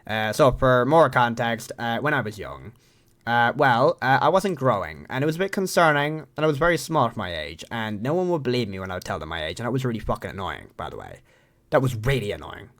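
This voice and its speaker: A man's voice: mid-range voice, sing-song, fairly quick, a bit bright. A young Irish man telling a story to camera in a rambling, profane, self-mocking way. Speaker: vlogger.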